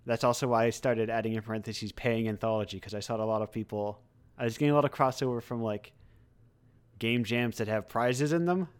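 A man's voice: medium pitch, brisk, smooth. A man hosting a live stream interview, chatty and easily sidetracked, laughing often and correcting himself as he talks. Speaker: livestream host. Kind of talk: casual interview chat.

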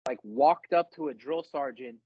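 A young man in casual podcast chat, telling stories with energy and acting out shouted quotes. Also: mid-range voice, moderate pace, slightly rough, no echo, muffled recording. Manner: animated storytelling, acts out shouted quotes. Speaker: podcast co-host.

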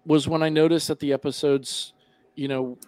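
A man's voice: on the high side, level tone, normal speed, a little mellow, no room sound. A man talking casually as a podcast guest, rambling with lots of fillers and restarts.

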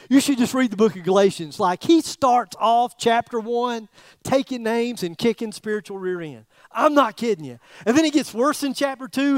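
A middle-aged man preaching a sermon as pastor, in a chatty, joking way with pauses and repeated phrases. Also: very high voice, no room sound.

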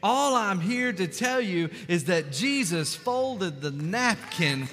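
A man preaching a fervent sermon, swinging between loud calls and hushed passages. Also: high voice, animated, slow, in a large hall, a little hiss or hum. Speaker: pastor. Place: church sanctuary.

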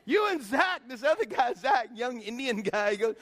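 A man preaching a sermon, telling stories excitedly and swinging from soft talk to shouts. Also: sits high, brisk, hardly any pauses. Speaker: pastor.

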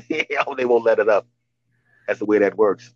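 A man's voice: on the low side, moderate pace, darkish tone, no room sound. Fifty-something guy rambling through a story, lots of restarts, dull dry mic. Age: 50s. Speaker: podcast host. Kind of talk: casual podcast chat.

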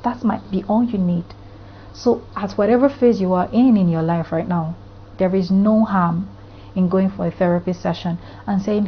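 A woman's voice: mid-range voice, steady tone, normal speed, highs cut off, a little hiss or hum. A woman therapist from Africa speaking earnestly in a podcast monologue, piling up rhetorical questions.

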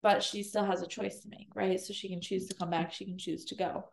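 A woman's voice: medium pitch, level tone, brisk, gravelly, roomy sound. A woman co-hosting a podcast, chatting casually as she recaps a novel's plot and acts out lines in silly voices. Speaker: podcast co-host explaining a book.

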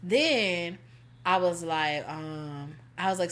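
A woman's voice: on the low side, measured pace. A woman co-hosting a casual chat show, telling a story with lots of slang and acted-out quotes. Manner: animated, slangy, acts out quotes. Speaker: podcast co-host.

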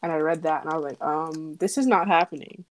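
A woman's voice: low voice, fairly even intonation, brisk. A young woman in casual fan chat, rambling with many fillers and quoting her own reactions. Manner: rambling, lots of fillers, emphatic quotes.

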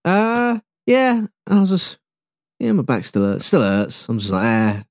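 A man's voice: huge pitch swings, normal speed, gravelly, no echo, clean studio sound. A young man from England co-hosting a podcast, chatting casually and rambling with jokes and swearing. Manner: rambling, swearing, jokey with sudden pitch jumps. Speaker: podcast co-host. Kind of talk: casual chat.

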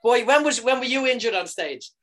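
A man in his thirties, a comedian chatting casually and telling animated stories, leaping up in pitch for quoted lines. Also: brisk. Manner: animated storyteller, jumps high for quoted lines. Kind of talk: casual chat.

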